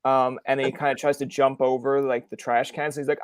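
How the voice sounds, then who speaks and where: A man from Newfoundland hosting a casual podcast chat, joking and acting out loud bits with a high voice. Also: little pitch movement, brisk, clean tone, dry recording, studio quality. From Newfoundland, Canada. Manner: jokey, acts out loud high-pitched bits. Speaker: podcast host.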